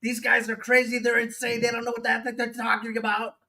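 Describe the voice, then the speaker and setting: A man's voice: very high-pitched, completely flat delivery, fairly quick, creaky, a loud crowd. A man doing an impression of a boastful older politician, rambling and repeating himself.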